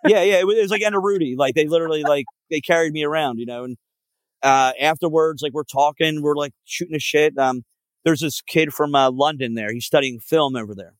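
Brisk and fairly high-pitched, a man from the Philadelphia area rambles through a long, profane road story as a guest on a podcast, stuffing it with fillers. He fronts a band, and the recording is dry.

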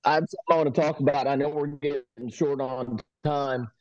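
A man's voice: mid-range voice, steady tone, fairly quick, no echo. A man co-hosting a podcast, joking and teasing in casual chat. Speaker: podcast co-host. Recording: dull lo-fi sound.

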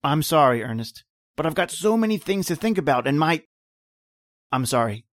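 An actor playing a tired, secretive young inventor who is terse and defensive, in a radio drama. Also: male voice, a little high, big pitch swings, moderate pace, fairly bright tone, no room sound, clean studio sound.

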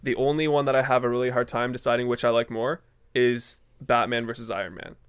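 A man's voice: medium pitch, steady tone, brisk, clear, resonant tone, dry recording, studio quality. A young man co-hosting a casual podcast, talking hesitantly with frequent fillers as he works through an idea. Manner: hesitant, many fillers and restarts. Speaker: podcast co-host. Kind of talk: casual chat.

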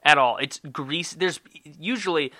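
A man delivering a rambling, sarcastic solo podcast rant full of swearing. His voice is very bright and sharp-edged, and the sound is dry and close. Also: on the high side, a little slow, dry recording. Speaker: podcast host.

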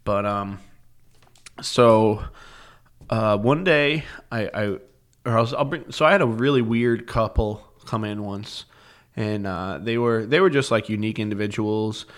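Young man telling stories, low-pitched. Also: unhurried. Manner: animated, profane, full of filler words. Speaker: podcast guest. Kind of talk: casual storytelling.

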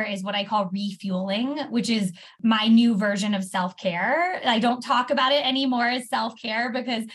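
A woman speaks as a therapist guest on a podcast interview. Her voice is airy and a little breathy, and she sits at a middling pitch. She explains things step by step, filling them out with examples. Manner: warm explanatory, walks through steps with examples.

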